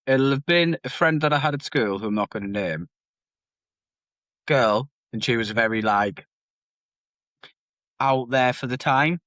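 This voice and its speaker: A man's voice: mid-range voice, measured pace, pauses often, a bit bright, dry recording. Laid-back sweary man on a podcast. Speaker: podcast co-host. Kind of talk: casual chat.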